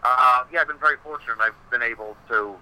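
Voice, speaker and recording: Bright-voiced rambling male storyteller. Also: medium pitch, fast talker, low-quality recording. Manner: rambling storyteller, many fillers, swears freely. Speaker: wrestling personality guest. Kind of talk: casual podcast interview.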